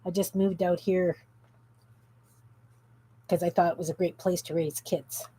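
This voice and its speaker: A Canadian woman hosts a craft livestream from her home craft room, speaking in a lowish, warm, slightly breathy voice with a flat, unhurried delivery. She chats and reads out viewer comments as she works, and the recording is rough.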